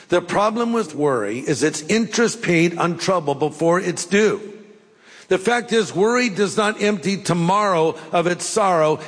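An older man preaching a sermon, telling folksy stories with jokes and pauses. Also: on the high side. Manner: folksy, jokey storytelling with pauses. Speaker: pastor. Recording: long hall reverb.

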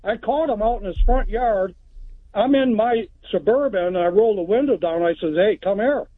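Over a tinny phone connection, a high-voiced caller from Texas tells a radio show a long tale at a moderate pace. He's plainspoken and meandering, walking through what happened one step at a time.

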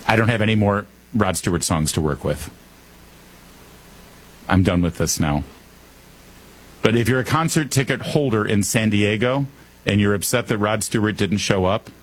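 A man's voice: on the low side, husky. A man hosting a talk radio show, delivering a comedic monologue full of sarcastic jokes and wry asides.

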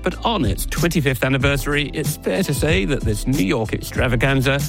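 A man delivering a measured, clearly narrated broadcast news report. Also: mid-range voice, expressive, music in the background.

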